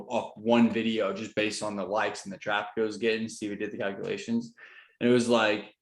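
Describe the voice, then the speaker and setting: Slangy young man in an echoey room. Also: medium pitch. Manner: slangy, loose, many fillers. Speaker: podcast co-host. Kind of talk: casual chat.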